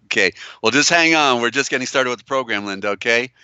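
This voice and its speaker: A man hosts a live broadcast with insistent, circling emphasis. He stumbles through restarts and fillers. His voice sounds bright and crisp, close and dry on a slightly dull, lo-fi line. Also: mid-range voice, lively intonation, fast, no room sound. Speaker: host. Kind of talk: live call-in show, reading viewer comments.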